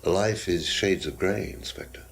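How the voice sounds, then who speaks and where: A smug, creaky-voiced teacher. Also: male voice, low voice, unhurried, faint music behind. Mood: evasive. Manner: condescending, evasive. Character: smug middle-aged male teacher under suspicion. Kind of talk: full-motion video game acting.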